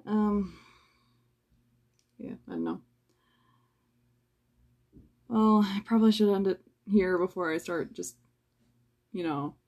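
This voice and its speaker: A tired young woman hosting a personal podcast, venting in a slow, halting way with sighs and stammers, her voice low and close to tears. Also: a little mellow. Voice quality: low, gravelly voice. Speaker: podcast host.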